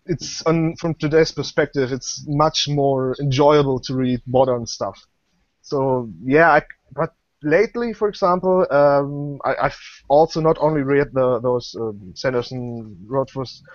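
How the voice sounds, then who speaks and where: A man's voice: mid-range voice, no echo. Hesitant young man, dull call audio. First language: German. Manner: hesitant, many fillers and restarts. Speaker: guest author. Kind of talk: casual online interview. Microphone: video call.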